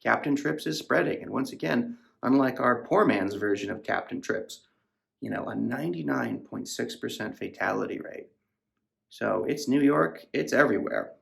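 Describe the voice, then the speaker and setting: A man's voice: medium pitch, animated, moderate pace, gravelly, a bit bright. A man hosting a podcast, rambling casually about a novel in a profane, filler-heavy way. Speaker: podcast host reviewing a novel. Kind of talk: casual book discussion.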